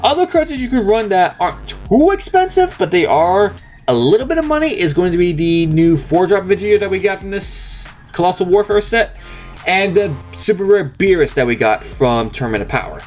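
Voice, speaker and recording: A man's voice: high voice, sing-song, brisk, darkish tone, soft background music. A young man hosting a card game channel, chatting casually and explaining a deck step by step in an upbeat, talkative way. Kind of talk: casual deck profile walkthrough.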